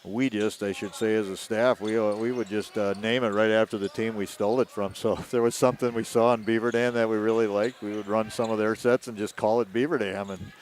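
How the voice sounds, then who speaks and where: Rambling former coach doing color commentary. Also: male voice, fairly low pitch, fairly even intonation, brisk, few pauses, a little hiss or hum. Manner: rambling with many restarts and stumbles. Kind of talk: live basketball commentary.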